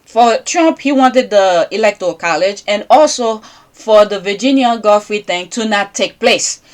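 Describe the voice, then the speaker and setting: A woman's voice: mid-range voice, a little slow. Rambling woman podcaster saying "okay?". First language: not English. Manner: rambling, checks in with repeated "okay?". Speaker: podcast host. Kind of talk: casual commentary monologue.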